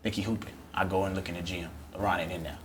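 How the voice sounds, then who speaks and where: Male podcast co-host, AAVE speaker, quick and lively comic storyteller; light background noise. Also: sits low. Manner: loud, lively storyteller, acting out the characters' voices. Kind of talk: animated comedic storytelling.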